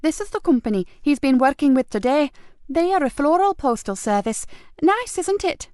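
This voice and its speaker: Woman doing a bright, eager fussy wife. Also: sits high, lively intonation, normal speed, no echo, studio quality, voice pushed up. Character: chatty protective middle-aged wife.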